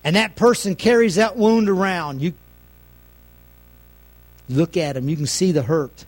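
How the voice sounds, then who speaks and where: A middle-aged man pastor preaching a folksy sermon, swinging between loud lines and hushed asides. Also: sits high, a little slow.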